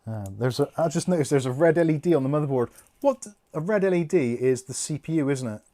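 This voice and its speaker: Lively man chatting through a live build. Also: on the high side, fast. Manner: chatty, swearing, laughing at himself. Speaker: host. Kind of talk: casual live-stream chat.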